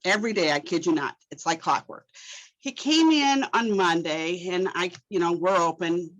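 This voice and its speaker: A woman's voice: fairly low pitch, normal speed, rough recording. A woman who runs a library tells an exasperated story in a webinar discussion over a video call. She acts out the quoted speech, with many restarts and repeated words. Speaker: library director.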